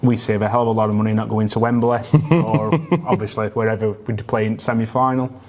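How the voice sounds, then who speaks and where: A man's voice: lowish voice, flat delivery, fairly quick, a little mellow. A man co-hosting a casual football chat, plain-spoken with a dry, pessimistic streak. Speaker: podcast co-host.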